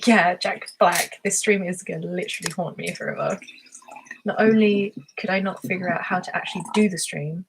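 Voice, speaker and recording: A woman's voice: fairly low pitch, fairly even intonation, moderate pace, gravelly, background noise. Giggly woman hosting a live stream. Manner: chatty and giggly, laughs often. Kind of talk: casual live-stream chat, reading viewer comments.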